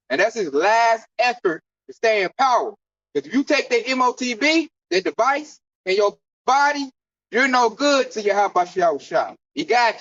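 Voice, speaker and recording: A man's voice: high-pitched, a bit bright, no echo. A man preaching and teaching scripture at an outdoor camp gathering in a fiery, slangy, preachy way. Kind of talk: street sermon teaching. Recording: dull lo-fi dry recording.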